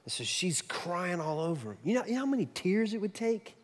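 A man preaching a sermon as pastor, telling a story in an animated way with quick swings from loud to soft. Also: high-pitched, long reverb tail.

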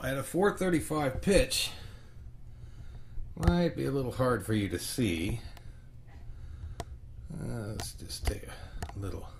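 A man hosting a home guitar tutorial, short of breath and speaking in slow, halting phrases with pauses. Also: lowish voice, creaky, a little hiss or hum.

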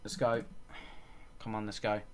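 A man's voice: on the low side, completely flat delivery, unhurried. A man giving casual let's-play commentary on a football management game, calling the action play by play and muttering frustrated asides. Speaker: gaming channel host.

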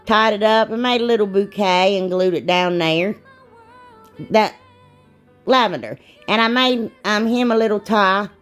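A woman's voice: mid-range voice, unhurried, fairly bright tone, soft background music. A woman chatting casually through a craft tutorial, rambling and self-deprecating, laughing at herself. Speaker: DIY crafts vlogger.

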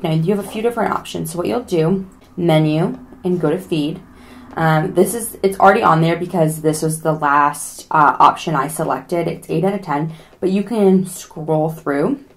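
A young adult woman hosting a casual how-to video, chatty and joking as she walks through a gadget step by step. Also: fairly low pitch. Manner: chatty, joking pleas to subscribe. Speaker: product demo host. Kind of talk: casual tutorial demo.

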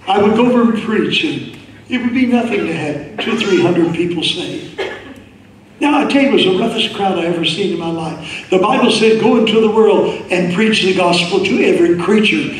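A man's voice: sits high, expressive, normal speed, a crowd in the background. An older man preaching a sermon at a conference, telling a story full of quoted voices and laughing asides. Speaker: pastor. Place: large conference hall. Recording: echoey hall from a distance.

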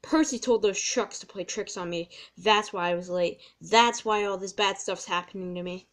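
A woman's voice: medium pitch, moderate pace, lightly acted. A woman voicing an impatient male steam tram who stammers and makes excuses. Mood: flustered. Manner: stammering, defensive.

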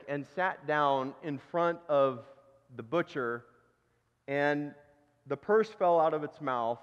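A male pastor preaching a sermon in a conversational, self-deprecating way, telling a story. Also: mid-range voice. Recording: dull recording with long church reverb.

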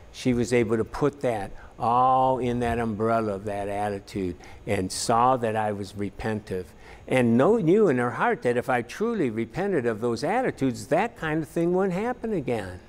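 Earnest man teaching in a reverberant hall. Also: medium pitch. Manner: earnest and plainspoken, with frequent "you know" fillers. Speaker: church class teacher. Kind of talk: practical church class teaching. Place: church meeting room.

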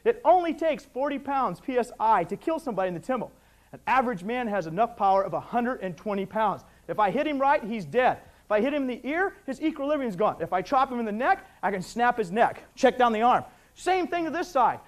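A man's voice: sits high, animated, fast talker. An older man teaching a martial arts technique, talking intensely and emphatically and barking short counts as moves are shown. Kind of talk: instructional commentary over technique footage.

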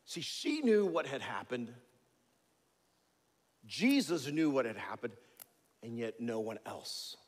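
Animated, jokey male preacher. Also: mid-range voice, takes it slowly, pauses often, big-room sound. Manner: conversational, animated, jokey storytelling. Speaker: pastor. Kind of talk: sermon. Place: church sanctuary.

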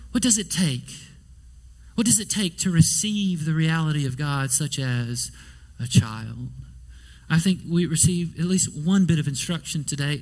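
Male pastor, fairly high voice, sermon delivery with rhetorical questions and whispered asides. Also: slightly rough. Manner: storytelling preacher, rhetorical questions, whispers quoted lines. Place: church sanctuary.

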